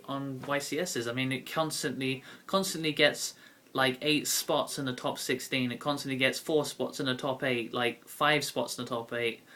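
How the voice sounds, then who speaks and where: Bright-voiced young British man vlogging. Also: medium pitch. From Britain. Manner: rambling, many fillers and self-corrections. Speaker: YouTube card game vlogger. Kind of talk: casual talking-to-camera vlog.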